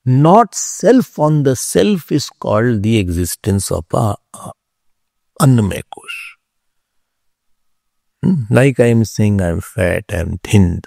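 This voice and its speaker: A man teaching a philosophy class, explaining slowly, repeating key terms and checking whether his listeners follow. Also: on the low side, animated, creaky, dark tone, no room sound, studio quality. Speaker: spiritual teacher.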